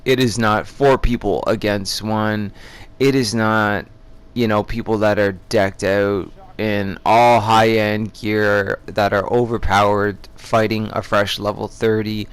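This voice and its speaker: A man's voice: on the low side, level tone, slow, clean tone. A young man hosting a gaming channel, talking casually over his gameplay in a chatty, rambling way.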